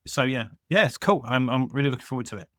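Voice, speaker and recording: A man's voice: medium pitch, expressive, fast, fairly bright tone, dry recording. Man, podcast guest, casual chat, eager, rambling, dry recording. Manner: eager, rambling with many restarts. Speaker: guest caller.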